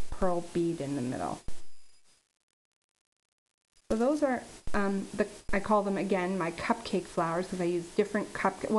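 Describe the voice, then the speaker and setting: A woman talking casually as she shows and explains her handmade paper flowers, pausing often with ums. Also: mid-range voice, darkish tone, a little hiss or hum, poor audio. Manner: chatty, halting with many ums. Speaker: craft vlogger. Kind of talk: casual craft tutorial.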